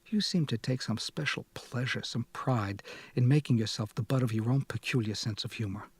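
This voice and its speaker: A blunt, moralizing young woman scolds from an audiobook page, read out by a man. The voice is husky and dry, with no room around it. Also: mid-range voice, moderate pace, dry recording. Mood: scolding.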